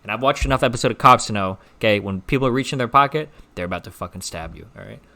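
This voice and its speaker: A young man streaming, teasing a visitor and telling a story in an animated, profane way. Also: medium pitch, racing, gravelly. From Omaha, Nebraska, US. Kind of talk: casual stream chat and storytelling.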